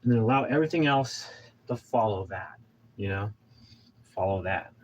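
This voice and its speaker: A man's voice: lowish voice, animated, moderate pace, poor audio. Out-of-breath man in his thirties. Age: 30s. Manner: pumped-up, preachy, rambling with restarts. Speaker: vlogger. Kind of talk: casual motivational talk while exercising.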